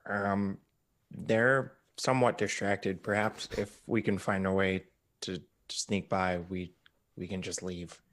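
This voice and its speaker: A man playing in a tabletop game, speaking in an easygoing, low-key way. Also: flat delivery, measured pace, fairly bright tone. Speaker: player. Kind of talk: casual tabletop play.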